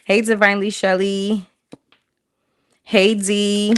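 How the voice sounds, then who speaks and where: A woman's voice: mid-range voice, little pitch movement, slow pace, a little hiss or hum. A woman casually chatting through a livestream tarot reading, slangy, thinking aloud as she pulls cards. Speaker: tarot reader.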